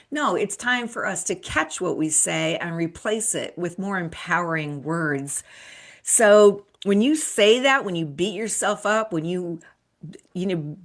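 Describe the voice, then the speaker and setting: Woman, fifties, motivational show host, unhurried delivery, earnest, encouraging. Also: lowish voice, a bit bright. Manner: earnest, encouraging, rhetorical questions. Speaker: midlife coach and show host. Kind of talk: solo motivational talk.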